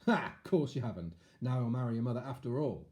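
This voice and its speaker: A man voicing a smug, cruel king in a storybook, loud and gloating. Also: medium pitch, animated, fast talker, lightly acted.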